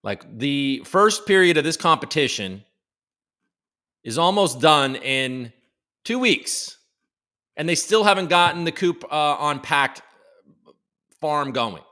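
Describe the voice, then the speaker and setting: Lively, joking male stream host. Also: a little high, takes it slowly, long pauses. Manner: loose, joking, teasing viewers, swearing; lively, with big jumps in loudness. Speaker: crypto livestream host. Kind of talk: casual live-stream chat, reading chat aloud.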